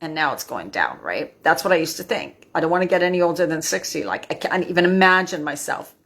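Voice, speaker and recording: A husky, slightly low-voiced woman in her fifties speaks earnestly to viewers in a live-streamed motivational talk. She keeps checking in with her audience, closing her points with a questioning "right?". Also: expressive, fairly quick, fairly bright tone. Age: 50s. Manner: earnest, tags lines with "right?". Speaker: midlife wellness host.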